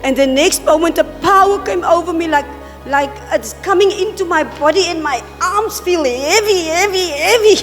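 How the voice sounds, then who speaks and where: A woman giving a church testimony about a vision, telling it in halting, repeated phrases and acting out what was said to her. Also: very high voice. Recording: reverberant hall with music behind.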